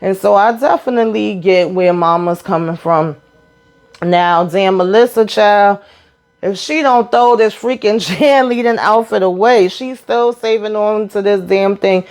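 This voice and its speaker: A woman giving a casual reality-show recap on her own channel, talking straight into the mic. She is animated and swears freely, and her voice sits in a middle pitch for a woman. She keeps jumping into quick impressions of the people she is describing.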